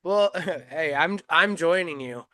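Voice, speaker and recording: A man's voice: on the high side, takes it slowly, bright, forceful tone. A man hosting a podcast, chatting casually with a friendly manner and some stumbling repeats. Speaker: podcast host. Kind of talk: casual chat.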